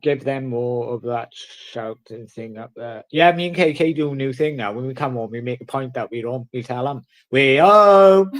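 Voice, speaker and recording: A man's voice: medium pitch, moderate pace, hardly any pauses. A man from the in a casual vlog, ranting bluntly and swearing heavily. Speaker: vlogger.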